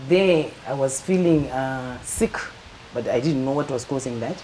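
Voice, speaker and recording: A middle-aged woman calmly telling her personal story as an interview guest. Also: a bass voice, normal speed, a little hiss or hum, low-quality recording. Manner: calm, matter-of-fact, acts out quoted dialogue.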